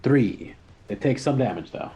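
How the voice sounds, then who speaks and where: A man narrating as game master, relaxed and pausing often with fillers. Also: mid-range voice, music in the background. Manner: relaxed, with frequent filler pauses.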